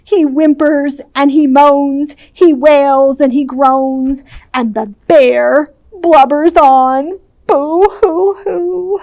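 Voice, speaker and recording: A woman children's librarian reading a picture book aloud at storytime, expressive and drawn out, with hushed shushes. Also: sits high, very slow, no echo. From Ohio, US.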